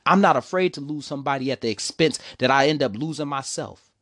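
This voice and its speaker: A man's voice: mid-range voice, quick pace, a bit bright, no echo, studio quality. A young man telling a personal story, emotional and preachy. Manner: emotional, preachy, repeats "see, the thing is".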